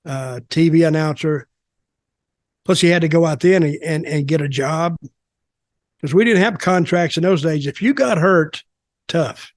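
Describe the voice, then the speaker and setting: A man's voice: a little high, dry recording, clean studio sound. An older man, telling rambling stories as a podcast host. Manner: rambling, repeats words as he talks. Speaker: podcast host, former wrestler. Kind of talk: casual storytelling.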